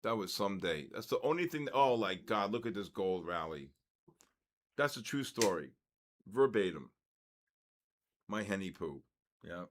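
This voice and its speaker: A man in his sixties hosting a live trading session, telling stories in a casual, animated way and tagging his sentences with quick checks to the audience. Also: on the low side. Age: 60s. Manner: animated, keeps tagging 'right?' and 'okay?'. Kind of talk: casual livestream storytelling.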